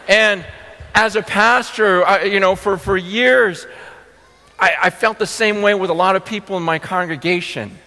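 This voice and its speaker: A middle-aged man preaching a sermon as pastor, earnest and storytelling, acting out quotes with sudden loud bursts. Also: sits high, moderate pace, in a large hall.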